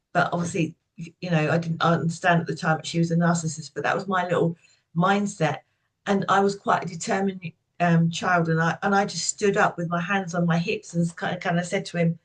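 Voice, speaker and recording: A woman in her fifties, a podcast guest, candidly recounting painful childhood memories in a steady, personal storytelling manner. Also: on the low side, a little fast. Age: 50s.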